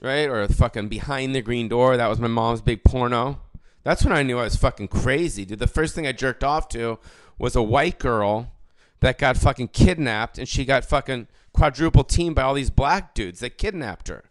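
A man of about fifty rants alone on his comedy podcast. He curses freely and wanders off topic, then corrects himself. His voice is smooth and sounds close and dry, with no room around it. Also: mid-range voice, normal speed, no echo. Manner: rambling, profane, self-correcting. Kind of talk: casual solo podcast rant.

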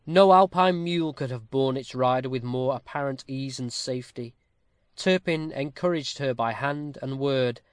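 A man reading a classic novel aloud with a steady, formal storytelling cadence, close to the mic. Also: medium pitch, no echo. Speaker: audiobook narrator. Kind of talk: scripted narration of a classic novel.

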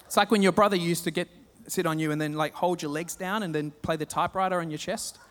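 Australian man, pastor, sermon, humorous storyteller, high voice, hall reverb. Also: quick pace, slight background noise. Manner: storytelling with humor, animated retellings.

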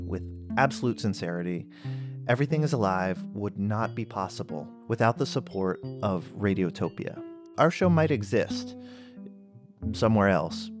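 Male host, low voice, measured deadpan delivery, guitar music underneath. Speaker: podcast host. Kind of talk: deadpan interview and scripted fundraising appeal.

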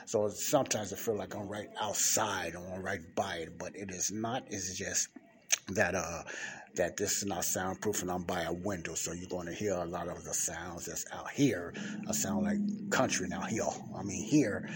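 Deep-voiced rambling man hosting a podcast. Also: fairly even intonation, normal speed. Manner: rambling, repeats words, frequent fillers. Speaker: podcast host. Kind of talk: casual preaching monologue. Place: library study room by a window. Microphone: close to the mic. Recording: faint street noise through window. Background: faint traffic from outside.

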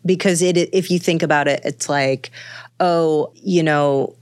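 New lady in her 40s, swears a lot, kinda low voice, dry close sound. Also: steady tone, measured pace, a little mellow, smooth, no room sound. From New York. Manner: blunt, profane and joking. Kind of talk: casual chat.

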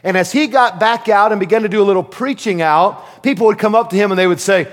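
High-voiced preacher in an echoing church. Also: male voice, brisk, hardly any pauses. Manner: storytelling preacher who acts out voices, rising to fervent pleas. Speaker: pastor. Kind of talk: sermon. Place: church sanctuary. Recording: long reverb of a church hall.

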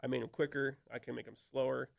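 A man's voice: mid-range voice, steady tone, fast, vocal fry, no echo. A man on a radio talk show explaining duck calling, voicing quacks to demonstrate and cracking easy jokes. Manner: demonstrates calls by voicing quacks, laid-back and joking. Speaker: duck call expert guest.

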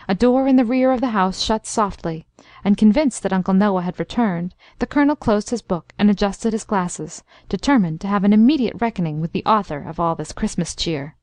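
A woman narrating a classic story for an audiobook in an even, measured way. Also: medium pitch, dry recording, clean studio sound.

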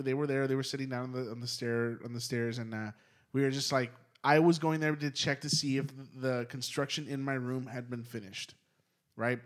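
A man hosting a casual podcast chat, telling a rambling, swear-laced anecdote in a studio. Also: medium pitch. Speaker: podcast host. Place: recording studio.

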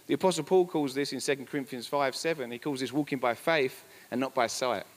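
A man's voice: medium pitch, a little fast. A male pastor preaching a sermon in church, emphatic and repetitive, with chatty asides. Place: church hall. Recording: reverberant church hall.

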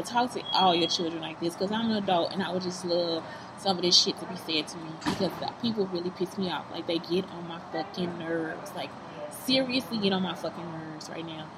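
Blunt, profane woman vlogging. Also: fairly low pitch. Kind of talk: casual vlog talk. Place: fast-food restaurant. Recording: noisy restaurant background.

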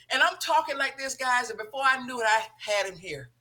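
A middle-aged woman hosts a talk show and tells a family story. Her voice is bright and forceful. She acts out each quoted line as she goes. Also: sits high, fairly quick. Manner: animated storytelling, acting out quoted dialogue.

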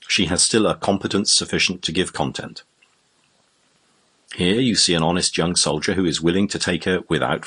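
A man reading the part of a stern, moralizing gentleman baronet, grave and lecturing. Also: deep voice, husky. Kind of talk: audiobook character voice.

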